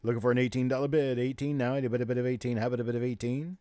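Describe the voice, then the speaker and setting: A male auctioneer hosting a live online coin sale. He rattles off repeated bid calls and chats jokingly in a mid-pitched voice. The sound is close and dry. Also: little pitch movement, warm tone, no room sound. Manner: rapid, repetitive bid calling mixed with joking chat. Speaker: auctioneer and show host.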